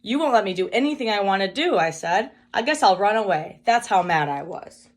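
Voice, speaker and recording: A woman reading a children's book aloud in a slow, emphatic storytelling manner. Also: mid-range voice, lively intonation.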